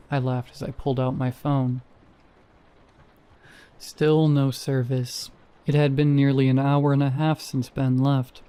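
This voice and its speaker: A man reading a first-person horror story in a measured, tense way. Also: medium pitch, flat delivery, dark tone. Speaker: narrator.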